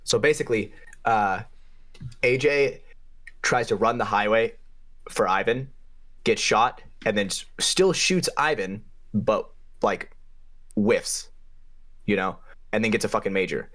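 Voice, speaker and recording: Animated, profane young man telling a story. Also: unhurried, long pauses. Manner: animated, profane, pitch jumps up for emphasis. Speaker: podcast co-host and paintball player. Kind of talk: casual podcast storytelling.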